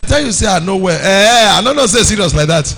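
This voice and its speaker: Preaching to a youth meeting, a man with a Nigerian accent speaks animatedly at a quick pace in a high, slightly rough voice. He slips into pidgin and breaks into shouted or sing-song lines.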